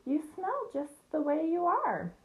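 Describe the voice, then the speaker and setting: A blunt young lamb teases in a high, pointed voice, as a woman reads it aloud. It is a storybook reading, and the voice sits well above the reader's own. The tone is plain and mocking. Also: big pitch swings, slow, a little hiss or hum, heavily acted.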